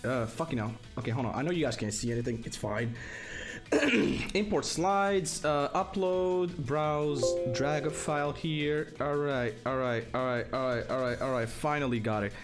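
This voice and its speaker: A man's voice: medium pitch, moderate pace, over music. A young man streaming live, flustered and swearing as he reads game text aloud. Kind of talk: live gameplay commentary.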